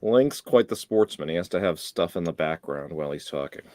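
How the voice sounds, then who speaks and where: A man's voice: low-pitched, animated, a little fast, darkish tone, no echo, studio quality. A man in his fifties chatting on a video call, curious and asking his friends questions. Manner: curious, asks lots of questions. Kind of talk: casual chat.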